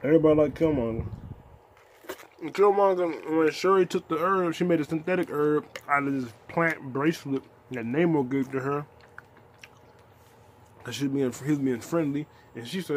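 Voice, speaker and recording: Profane, animated man ranting about movies. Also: fairly high pitch, normal speed, a little hiss or hum. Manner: animated, profane, retells scenes with excited outbursts. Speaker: podcast host. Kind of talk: casual movie review rant.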